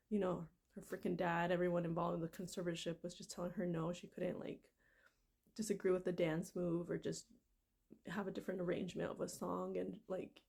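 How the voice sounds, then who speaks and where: A woman with a fairly low, creaky, dark voice and a breathy edge vlogs casually and emotionally. She reads passages aloud and gushes, filling her talk with fillers like "like" and "freaking."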